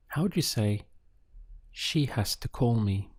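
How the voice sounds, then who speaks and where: Male tutor for lesson narration: unhurried, deliberate delivery, warm low tone. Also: animated, no echo. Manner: slow, deliberate, models Spanish phrases. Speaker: language teacher.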